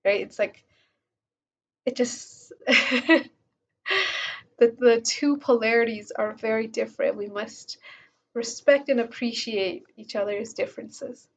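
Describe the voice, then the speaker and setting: A woman's voice: fairly high pitch, takes it slowly, long pauses. A woman reading passages from a self-help book aloud and commenting on them in a casual way, with many fillers. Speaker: book reviewer.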